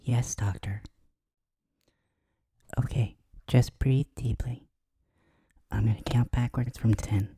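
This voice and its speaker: A man voicing a calm male anesthetist who slowly counts a patient down before surgery. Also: mid-range voice, gravelly, slightly rough, no room sound, clean studio sound, voice pushed up, exaggerated voice. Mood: soothing. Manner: slow, soothing countdown.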